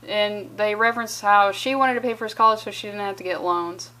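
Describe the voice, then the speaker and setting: A woman's voice: medium pitch, fairly even intonation, moderate pace, pauses often, sharp tone. A young adult woman reviewing a comic in a sarcastic, profane, exasperated rant. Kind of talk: sarcastic ranting commentary.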